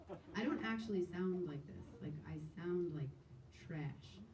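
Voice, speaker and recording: A woman's voice: fairly low pitch, unhurried, darkish tone. A woman in her thirties with a Long Island accent, hosting a stand-up crowd-work set, rambling, giggly and self-deprecating. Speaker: comedy host. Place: small comedy club stage. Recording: echoey club heard from a distance. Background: audience laughter and room noise.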